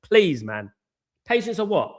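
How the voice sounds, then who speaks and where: A man's voice: high voice, very animated, measured pace. A man hosting a live football watchalong, ranting in a frustrated way, repeating himself often and filling gaps with ums. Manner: frustrated, repetitive ranting with many fillers. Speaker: host of a football fan channel. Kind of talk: live watchalong rant to viewers.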